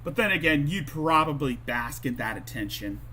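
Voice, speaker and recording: A man's voice: on the high side, expressive, moderate pace, background noise. A man hosting a livestream, reacting to clips with angry, profane ranting. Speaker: livestream host.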